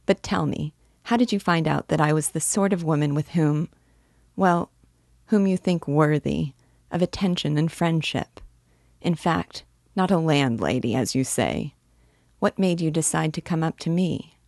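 A woman reading the part of a kind young woman who teases gently and speaks in a reassuring way. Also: sits low, unhurried, creaky, no room sound, clean studio sound. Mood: curious.

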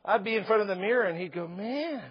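A middle-aged male pastor preaching a sermon, animated and joking, acting out quotes along the way. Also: high voice, racing, husky. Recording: slightly dull lo-fi sound.

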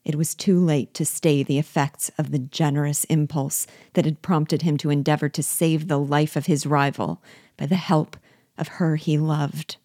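Low-voiced woman reading a novel aloud. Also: steady tone, normal speed, warm tone, no echo, studio quality. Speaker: reader.

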